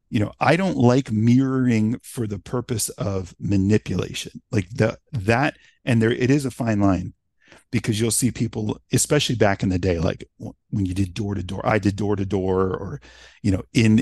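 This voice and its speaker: A man in casual conversation about sales, talking in an animated way and acting out little quoted exchanges. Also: fairly low pitch, husky, no room sound. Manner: animated storytelling, acts out quoted voices.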